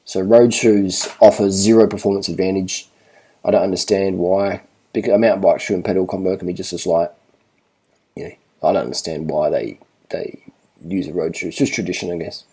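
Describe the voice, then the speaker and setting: A deep, dark, husky-voiced man talks over cycling footage. He is blunt and swears freely, and he hammers each point home by saying it again and again. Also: steady tone, brisk. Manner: blunt, profane, repeats himself for emphasis. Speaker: cycling vlogger. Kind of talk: casual commentary over race footage.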